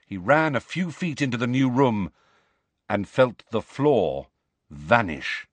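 A man narrating an audiobook in a measured, dramatic way. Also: medium pitch, lively intonation, no echo. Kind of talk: scripted narration.

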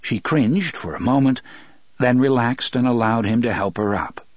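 Male audiobook narrator, expressive, husky tone, dry booth sound. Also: mid-range voice, normal speed, no room sound. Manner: expressive storytelling, many voices. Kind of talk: scripted narration.

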